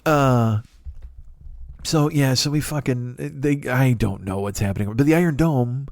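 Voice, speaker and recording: A man in his forties, host of a comedy podcast, rambling through a profane, animated monologue with lots of asides. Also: mid-range voice, unhurried, creaky, dry recording, studio quality. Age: 40s.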